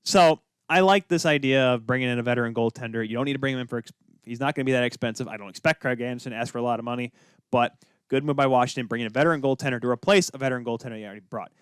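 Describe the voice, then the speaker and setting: A man co-hosting a casual hockey podcast, opinionated and quick with asides. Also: mid-range voice, clear, resonant tone, no echo, studio quality. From Minnesota. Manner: opinionated, talks fast with many asides. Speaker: podcast co-host. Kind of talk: casual sports chat.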